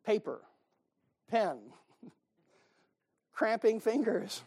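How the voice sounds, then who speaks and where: Guy preaching a sermon, folksy and animated, tons of questions at the crowd. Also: high-pitched, normal speed, pauses often. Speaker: pastor.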